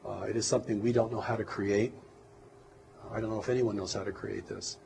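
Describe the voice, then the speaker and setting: Measured, soft-spoken man being interviewed. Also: lowish voice, gravelly, a little hiss or hum. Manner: measured, hesitant, with many restarts and fillers. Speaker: interview guest. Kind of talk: earnest reflective interview talk.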